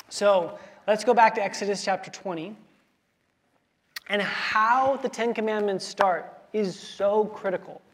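A man in his thirties preaching a sermon in a relaxed, conversational way, with many fillers and playful quoted asides. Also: high-pitched. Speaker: pastor.

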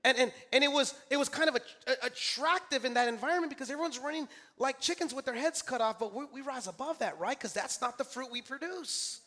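A man's voice: very high-pitched, fast talker, hardly any pauses, bright, forceful tone. A male pastor preaching a sermon in church, emphatic and repetitive, calling out to his congregation for responses. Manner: repeats key phrases for emphasis. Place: church sanctuary.

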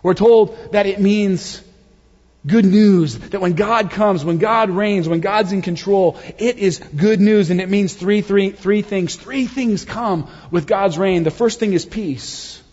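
A man preaching a sermon, telling the story with dramatic build-ups and sudden quiet drops. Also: high-pitched, takes it slowly. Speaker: pastor. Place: church sanctuary. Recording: dull sound with long reverb of a large hall.

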